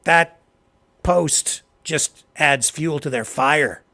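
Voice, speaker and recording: A Canadian man hosting a political talk show, delivering impassioned commentary that swings from low, quiet remarks to loud, emphatic outbursts. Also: drawn-out words. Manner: heated, addresses a co-host directly.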